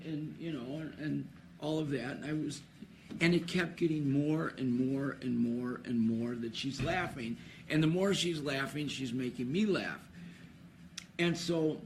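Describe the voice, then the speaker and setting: Male trivia announcer, fairly high voice, telling a long rambling story at an awards ceremony. Breaks into laughter, trips over his words, faint room noise behind. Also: measured pace. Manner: rambling, laughing, many restarts.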